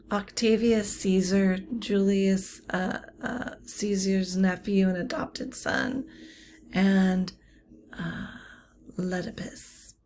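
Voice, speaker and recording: A woman teaching literature in an unscripted lecture, halting often with ums and uhs and slipping in wry, offhand asides. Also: mid-range voice, darkish tone, slight background noise.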